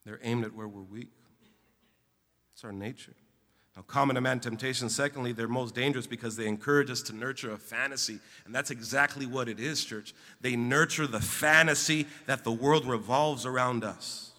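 A man preaching a sermon as pastor, building to loud exclamations and leading call-and-response with his congregation. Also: medium pitch, normal speed, in a large hall. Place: church sanctuary.

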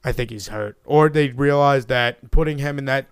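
A man's voice: medium pitch, moderate pace, smooth. Brash profane man hosting a podcast. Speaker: podcast host. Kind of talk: casual chat.

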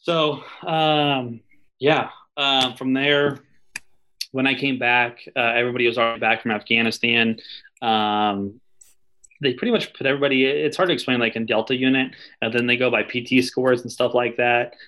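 A man with a bright, forward voice tells his service stories in a casual interview. He rambles, swears freely and leans on fillers and asides. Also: medium pitch, fairly even intonation, moderate pace, rough recording. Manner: loose, profane, lots of fillers and asides. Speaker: army veteran guest.

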